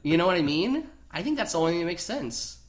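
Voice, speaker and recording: A man co-hosting a casual movie review podcast, animated and mocking, acting out scenes in quick quoted voices. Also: sits high. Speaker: podcast co-host.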